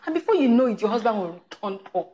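An actress playing a scheming friend with a Nigerian accent who gives conspiratorial advice. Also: female voice, a little high, sing-song, quick pace, dark tone, slightly rough, lo-fi sound. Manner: conspiratorial, insinuating. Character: scheming gossip friend giving bad advice.

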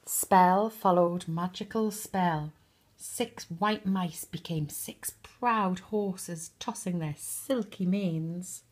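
A woman reading a bedtime story for toddlers in a soft, expressive way, sometimes dropping to a whisper. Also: lowish voice, extremely slow.

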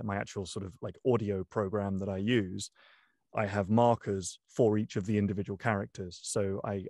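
A young man, an audiobook narrator, talking through his craft in a casual interview, pausing often with ums and restarts. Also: on the low side, no room sound, studio quality. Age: young adult. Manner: thoughtful, many ums and restarts. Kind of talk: interview guest, casual talk.

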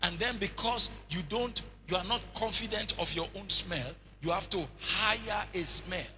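A man preaching a sermon in an animated, humorous way, full of rhetorical questions and anecdotes. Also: high voice, unhurried, a little hiss or hum. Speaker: bishop, preacher.

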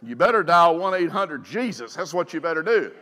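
Male pastor, high-pitched, folksy fire-and-shout delivery, long church reverb. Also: very animated, fairly quick. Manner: fiery, builds to shouts, folksy asides. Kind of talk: sermon. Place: church sanctuary.

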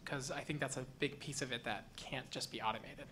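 A man speaking up from a conference audience at a middle pitch, earnest and thinking out loud as he makes his point. A faint hiss of background noise sits under his voice. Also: steady tone, fairly quick. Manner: earnest, thinking aloud with fillers. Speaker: audience member. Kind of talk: comment from the floor at a conference.

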